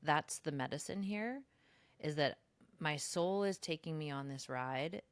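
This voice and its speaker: Low-voiced reflective woman podcaster. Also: a little slow, smooth, no echo. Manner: reflective, lots of "like", slips into high mocking voices when quoting herself. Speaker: podcast co-host. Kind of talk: casual spiritual chat.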